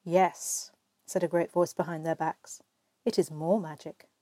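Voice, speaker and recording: A majestic male lion of great wisdom, speaking in a calm, grave and unhurried way, as a woman reads him aloud. The voice is warm and mellow. The sound is dry and close, with no room echo. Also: lowish voice, natural voice. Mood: solemn.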